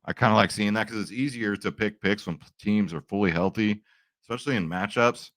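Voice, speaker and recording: A man's voice: fairly low pitch, fairly quick, a bit bright, no room sound. Chatty man with a dry, close sound. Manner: chatty, upbeat, says "right?" and "guys" a lot. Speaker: sports betting picks host. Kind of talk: casual picks video talk.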